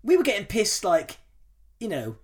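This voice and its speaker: A man with a high voice that leaps all over its range, chatting casually on a film review podcast. He swears freely, laughs often and keeps breaking into mocking impressions. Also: wildly swooping pitch, moderate pace, breathy edge. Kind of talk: casual chat.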